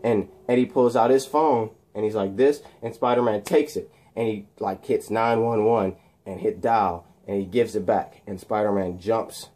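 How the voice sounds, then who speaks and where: A man's voice: lowish voice, moderate pace, mellow. A young man casually retelling a film scene in a rambling way, full of restarts. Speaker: video creator.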